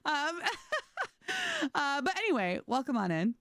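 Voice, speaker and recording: A woman's voice: high-pitched, wildly swooping pitch, slow pace, a bit bright, no room sound, studio quality. A woman streamer chatting casually with her viewers while playing, telling stories and laughing often. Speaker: game streamer. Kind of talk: casual livestream chat.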